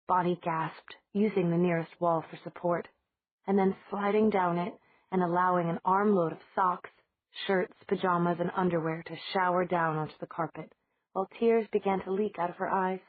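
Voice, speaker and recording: Female audiobook narrator, measured, husky, over a tinny, dry line. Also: mid-range voice, fairly even intonation, no echo.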